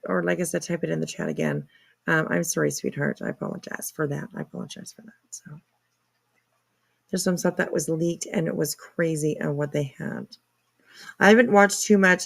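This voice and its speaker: A woman with a deep, gravelly voice hosts a casual livestream. She chats and reacts to comments, talking a lot, apologizing often, and swearing casually.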